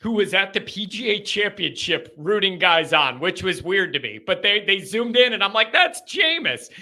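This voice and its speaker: A man's voice: high-pitched, expressive, moderate pace, sharp tone. A man hosting a live call-in sports talk show, talking bluntly and ranting heatedly. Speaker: show host.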